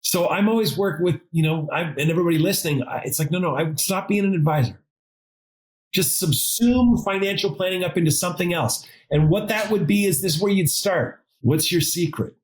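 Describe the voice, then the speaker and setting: On poor audio, a high-voiced man being interviewed as a podcast guest talks briskly. An advisor and consultant, he tells casual, animated stories, acts out quoted dialogue, and adds jokey asides.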